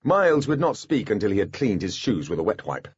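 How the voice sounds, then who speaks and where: A man narrating an audiobook in a scripted, expressive storytelling manner. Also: fairly low pitch, a little fast, breathy edge, dry recording, dull audio.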